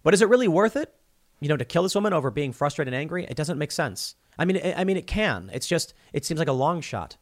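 A man hosting solo political commentary, talking in an animated, self-interrupting way. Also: on the high side, fast. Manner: animated, self-interrupting, mocking quoted voices.

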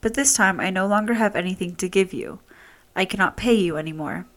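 A woman's voice: medium pitch, brisk, natural voice. A woman voicing a frightened young miller's daughter pleading in a storybook reading. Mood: anxious. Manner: pleading, anxious.

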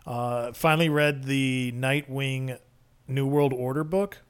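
A man's voice: medium pitch, fairly even intonation, slow pace, clean tone. A man co-hosting a podcast in casual chat, talking in an enthusiastic, rambling way with many fillers. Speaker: podcast co-host.

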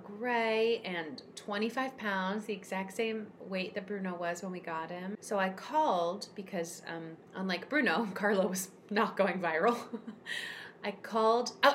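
A woman telling a personal story as a guest in a casual conversation, emotional and expressive with frequent fillers. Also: medium pitch, slight background noise. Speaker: podcast guest, cat rescuer.

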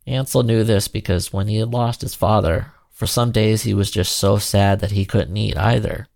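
Gravelly man narrating a storybook. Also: fairly low pitch, steady tone, normal speed, a little mellow, no echo, studio quality.

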